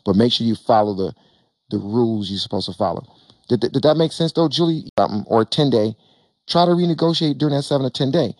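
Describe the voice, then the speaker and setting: A man who invests in real estate gives an emphatic, animated talk to an audience on a panel, repeating phrases and acting out bits of dialogue. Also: medium pitch, fast, no room sound. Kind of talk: motivational stage talk to an audience.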